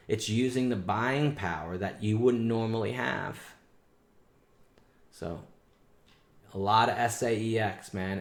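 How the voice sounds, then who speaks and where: A man hosting a day trading show, talking bluntly and casually in slang, scolding and reviewing trades. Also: fairly low pitch. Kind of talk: live trading stream chat. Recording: echoey room.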